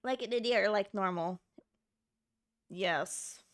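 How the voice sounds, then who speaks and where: A woman's voice: medium pitch, slow. A woman streaming a game in a casual, rambling way, sounding sleepy after just waking up and chatting with her viewers.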